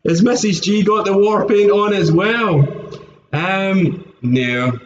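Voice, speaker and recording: A man's voice: sits high, a little slow, a little hiss or hum. A Scottish man chatting casually and joking on a live stream, often laughing, with a dull lo-fi sound. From Scotland. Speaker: streamer opening trading card packs.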